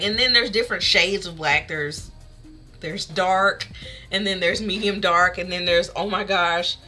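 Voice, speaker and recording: A woman's voice: medium pitch, sharp tone. A woman streamer chatting casually with her live audience, bubbly and chatty, laughing often.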